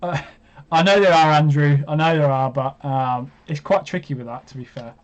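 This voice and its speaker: A man hosting a live watch-along stream, chatty and hesitant, breaking into excited reactions as he comments. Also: on the high side, moderate pace, lo-fi sound.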